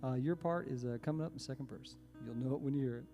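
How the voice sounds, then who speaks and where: A man from Texas, a musician chatting and joking quickly between songs at a service concert in a synagogue sanctuary. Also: medium pitch. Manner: relaxed, joking, quick, folksy. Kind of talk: stage patter between songs. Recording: long reverb in a large hall. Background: guitar.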